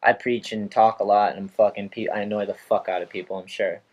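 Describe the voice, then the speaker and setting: A man's voice: fairly low pitch, little pitch movement, quick pace. A young adult man hosting a podcast, chatting casually and telling stories with animation and plenty of swearing. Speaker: podcast host. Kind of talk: casual chat.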